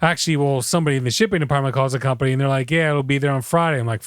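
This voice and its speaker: A man's voice: medium pitch, rapid-fire, clear, resonant tone, no room sound, clean studio sound. A man co-hosting a casual podcast, telling a long complaint story, acting out the people he quotes and swearing often. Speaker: podcast co-host. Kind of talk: casual chat. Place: South Florida.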